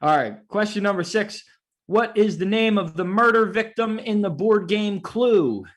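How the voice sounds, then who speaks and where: A man's voice: high voice, normal speed, a bit bright. A man hosting a casual trivia quiz, reading out questions and laughing along with the players. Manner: amused, laughs often while reading.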